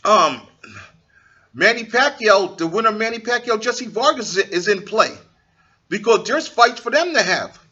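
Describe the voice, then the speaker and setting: A man's voice: high-pitched, animated, moderate pace, pushed and bright, breathy edge, highs cut off. A man hosting a boxing talk show, giving blunt, profane opinions in a casual monologue and acting out what fighters say.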